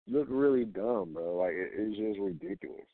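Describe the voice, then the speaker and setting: A man's voice: fairly low pitch, animated, brisk, vocal fry, dry recording. Blunt ranting man on a tinny line. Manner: blunt, profane and repetitive, hammering each point with rhetorical questions. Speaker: host of a rant show. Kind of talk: casual profane rant. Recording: dry, tinny phone-like sound.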